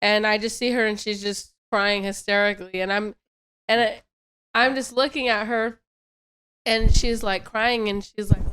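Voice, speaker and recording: A woman's voice: mid-range voice, level tone, normal speed, smooth. A young adult woman telling a story in casual podcast chat, rambling and repeating herself.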